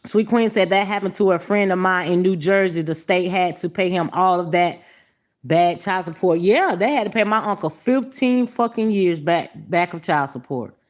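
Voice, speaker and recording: A woman hosting a live stream, reacting to clips and chatting with viewers in a blunt, profane, animated way. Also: fairly low pitch, moderate pace. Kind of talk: casual live-stream commentary.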